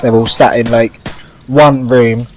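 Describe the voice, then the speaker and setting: A man's voice: mid-range voice, fairly even intonation, unhurried, a little hiss or hum. A man giving casual gameplay commentary, rambling and chatty and swearing now and then. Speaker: gaming channel host.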